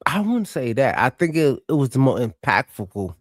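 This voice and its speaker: Animated, cussing male sports podcaster. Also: mid-range voice, moderate pace, dry recording, studio quality. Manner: profane, animated storytelling. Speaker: podcast co-host. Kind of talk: casual sports chat.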